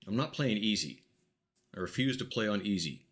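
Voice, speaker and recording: A man's voice: lowish voice, animated, moderate pace, fairly bright tone, slight background noise. Chatty jokey man streaming games. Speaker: gaming streamer. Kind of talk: casual let's-play commentary.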